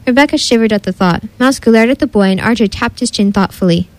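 A woman narrating a children's story in an expressive, animated way. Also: on the high side, fast talker, rough recording.

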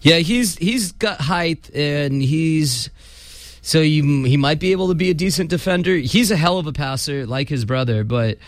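A man's voice: a little high, moderate pace, no echo, clean studio sound. A man hosting a casual sports podcast, rambling with lots of ums and uhs. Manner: rambling, filler-heavy delivery. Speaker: podcast host.

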